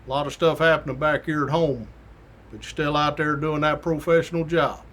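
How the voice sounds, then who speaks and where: A man's voice: flat delivery, brisk, a bit bright. A middle-aged man hosting a show, telling a work story in a casual, folksy way and acting out the people in it. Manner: folksy, acts out quoted voices with rising pitch. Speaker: podcast host, retired state trooper.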